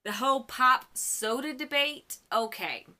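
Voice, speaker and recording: Bright-voiced chatty woman. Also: high voice, unhurried. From Michigan, US Midwest. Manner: gushing, chatty fan. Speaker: fan channel host. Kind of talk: casual episode recap.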